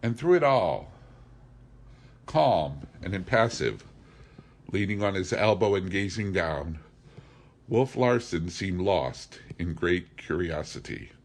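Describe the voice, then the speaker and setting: Brief: a deep-voiced male reader, steady and deliberate, narrating a classic novel. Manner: measured, deliberate reading with occasional slips. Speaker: audiobook reader.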